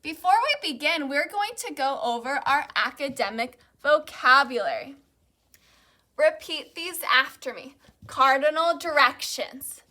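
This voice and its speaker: Bright, high-voiced teacher leading a repeat-after-me drill. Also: female voice, lively intonation. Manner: says each word slowly and has the class repeat it. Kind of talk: classroom lesson, call-and-response vocabulary drill.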